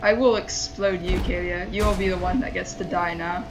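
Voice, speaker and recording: A woman's voice: on the low side, steady tone, moderate pace, music in the background, low-quality recording. A woman streaming a game, talking to herself and her chat in frustrated, swearing casual commentary. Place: home streaming setup.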